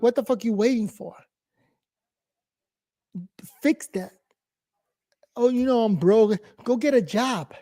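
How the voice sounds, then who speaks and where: A man's voice: sits high, dark tone. A man in his forties from New York, giving a blunt, profane, rambling casual monologue as host.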